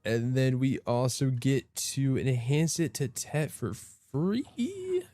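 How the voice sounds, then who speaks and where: A man playing a game live and reacting excitedly to each attempt, exclaiming in disbelief. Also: medium pitch, slow pace, faint music behind. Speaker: player. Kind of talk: live gaming talk.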